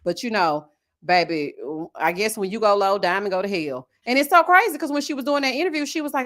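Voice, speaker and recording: A woman hosting a casual live chat, animated and laughing often, drawling endearments like "baby" and "child". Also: medium pitch, a little fast. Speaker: livestream host.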